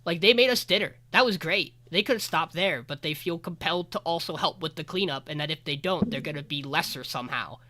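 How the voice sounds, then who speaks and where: A man's voice: a little high, fairly quick, few pauses, bright, forceful tone. A man voicing a concerned, grizzled older male adventurer, speaking earnestly.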